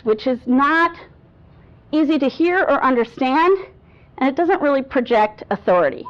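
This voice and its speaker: A woman speaking coach giving a lively workshop talk to a live audience, acting out voice examples and laughing often. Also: high voice, normal speed. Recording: dull lo-fi sound.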